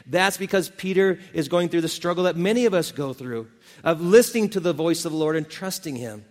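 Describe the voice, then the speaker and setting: A man's voice: on the high side, a little fast, big-room sound. A male pastor preaching a sermon, retelling scripture stories in a casual, folksy way.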